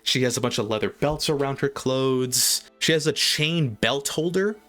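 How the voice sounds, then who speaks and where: A man's voice: medium pitch, moderate pace, fairly bright tone. A man narrating a tabletop game as game master, casual and full of fillers. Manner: casual, filler-heavy, descriptive.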